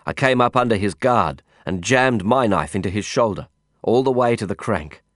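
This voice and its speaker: A man reads a novel aloud in the first person with a low voice. His telling is measured and intense. The recording is dry and close, with no room sound. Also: expressive, fairly bright tone, no room sound. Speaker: audiobook narrator. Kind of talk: scripted first-person narration.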